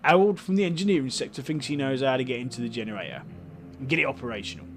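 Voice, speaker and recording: Cockney game councillor, big bearded man, calm and welcoming, lively up-and-down delivery, put on by a male player reading dialogue. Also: mid-range voice, very fast, a little hiss or hum, natural voice.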